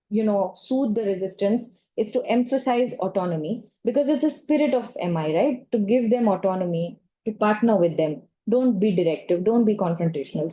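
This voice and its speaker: A woman's voice: a little high, dark tone. A woman lecturing in a training session, explaining with examples and acting out short lines, often checking in with "okay?" and "right?".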